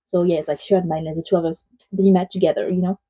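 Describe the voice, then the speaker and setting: A woman's voice: lowish voice, fairly even intonation, fast talker, warm tone, husky, poor audio. A woman from France with a French accent, a native French speaker, giving a casual, chatty film review in English with lots of fillers. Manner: chatty and rambling, many "like" fillers.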